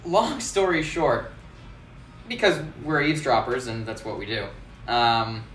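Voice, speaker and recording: A man's voice: mid-range voice, measured pace, far from the mic, soft background music. Brief: male bar-owner host, chatty storyteller, recorded in a roomy space some way from the mic with faint background noise. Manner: animated, laughs often, acts out quotes. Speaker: bartender and host. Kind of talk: casual storytelling.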